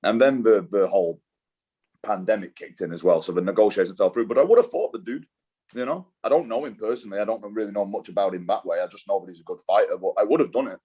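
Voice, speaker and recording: Brief: young British man, fairly low voice, relaxed and slangy, drops swears. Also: fast talker, slightly rough, lo-fi sound. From Britain. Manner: laid-back, slangy, swears, says "dude". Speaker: guest, mixed martial arts fighter. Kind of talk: casual interview chat.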